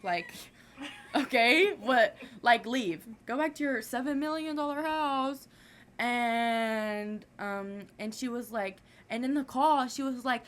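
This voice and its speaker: A woman's voice: fairly high pitch, a little slow, a little hiss or hum. A teenage girl, a guest, telling a story in casual, slangy chat and acting out the other people's voices. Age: teens.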